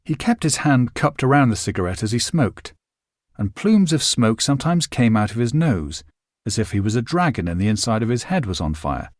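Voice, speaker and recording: This is a male audiobook narrator delivering scripted narration of a novel, paced carefully and full of expression. The recording is dry and studio quality, and his pitch is mid-range.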